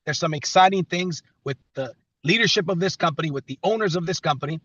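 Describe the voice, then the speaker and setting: High, bright-voiced man giving a pep talk. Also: fast talker, dry recording, dull audio. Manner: emphatic, repeats phrases for effect, stumbles and restarts. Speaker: company leader on a team call. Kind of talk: motivational pep talk on a live call.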